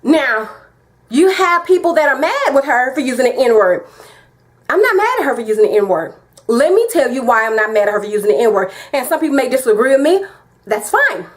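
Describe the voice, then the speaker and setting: A woman vlogging her opinion with a high voice. She talks in an emphatic, direct way, stressing her points. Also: big pitch swings, brisk. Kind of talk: opinion vlog.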